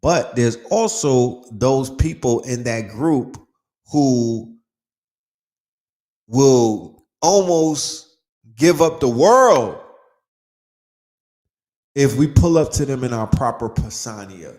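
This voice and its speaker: A man's voice: mid-range voice, lively intonation, takes it slowly, long pauses, a little mellow. Emphatic slang-heavy man in an echoey room. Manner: preachy and emphatic, heavy slang and profanity, repeats phrases for effect. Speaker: podcast host. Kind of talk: casual motivational monologue.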